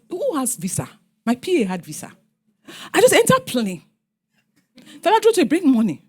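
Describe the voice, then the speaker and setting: Animated Nigerian woman storyteller. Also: fairly high pitch, husky. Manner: animated, acts out family members' lines. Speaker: guest speaker. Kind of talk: storytelling on a panel.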